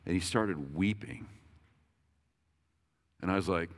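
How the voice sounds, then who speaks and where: Guy in his 30s giving a sermon, kinda low voice, chatty and joking, lots of restarts. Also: slow, long pauses. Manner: conversational and self-deprecating, with asides and repeated restarts. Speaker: pastor.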